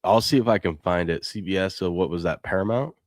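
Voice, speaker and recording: A man's voice: sits low, quick pace, dry recording, clean studio sound. A man co-hosting a live sports betting show, chatting casually and reading viewer comments aloud. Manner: reads viewer chat aloud, rambling and excitable. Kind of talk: casual live-stream chat.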